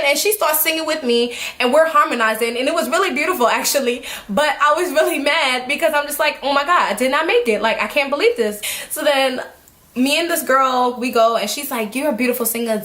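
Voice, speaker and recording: High-voiced young woman telling a story. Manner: animated, acts out quotes, laughs often. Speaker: vlogger. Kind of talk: casual storytelling. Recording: echoey room.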